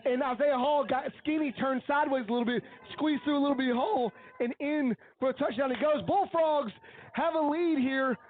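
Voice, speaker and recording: A man provides color commentary on a high school football game, breaking down each play analytically like a coach while sounding earnest and openly emotional. The audio is dry, narrow, and tinny.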